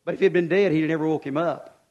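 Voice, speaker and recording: A preacher voicing Jesus, a calm grown man who speaks plainly and gently. The voice sits high for a man. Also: quick pace, dull audio, close to an everyday voice. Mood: gentle.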